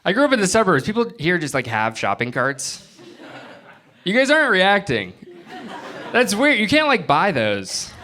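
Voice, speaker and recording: Young male stand-up, lively swooping delivery, live club set. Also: moderate pace, pauses often. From Florida. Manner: animated, jumps into high-pitched bits when acting out people. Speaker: stand-up comedian. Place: comedy club stage before a live audience. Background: audience laughter.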